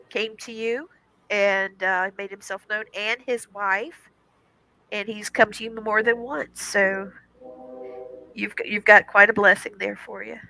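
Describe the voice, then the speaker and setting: A woman hosting a podcast in casual chat, telling stories in an animated way and laughing often. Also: medium pitch, rough recording. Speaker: podcast host.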